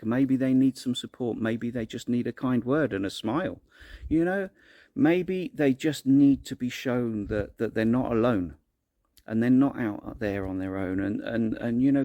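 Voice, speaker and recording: This is a man speaking straight to his audience in an earnest, encouraging vlog. He rambles as he goes, doubling back and restarting his sentences. His voice sits at an everyday middle pitch. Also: dark tone, no room sound. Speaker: vlogger. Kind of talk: casual motivational monologue.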